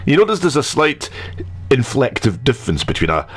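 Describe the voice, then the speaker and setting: A man's voice: medium pitch, sing-song, fairly quick. A man commentating over a football career game, rambling into wordy, self-mocking digressions. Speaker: gaming commentator.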